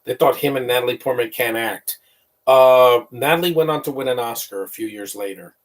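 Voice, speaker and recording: A man's voice: mid-range voice, fairly quick, recorded from a distance. A man giving casual live film commentary, rambling and opinionated, often tripping over repeated words. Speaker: movie commentator.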